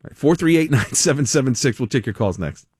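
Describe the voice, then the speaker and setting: A man's voice: medium pitch, lively intonation, quick pace, a little mellow, husky, no room sound, clean studio sound. A man hosting a talk radio show, delivering a sarcastic, mocking monologue with frequent laughs.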